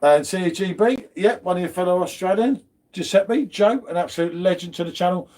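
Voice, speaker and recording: A man's voice: high-pitched, a little fast, a little mellow. A man hosting a casual live beer stream from home, bantering, swearing and greeting viewers in chat. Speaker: beer channel host.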